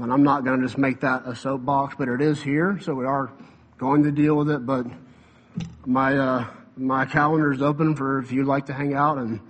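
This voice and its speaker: A young adult man, a pastor, preaching a sermon in a conversational way with quick asides and some fillers. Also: mid-range voice.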